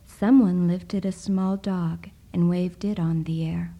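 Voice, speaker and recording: A woman reading a story aloud in a hushed voice, often dropping into a whisper. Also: lowish voice, fairly even intonation, takes it slowly, gravelly, rough recording. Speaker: narrator. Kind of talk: soft-spoken story reading.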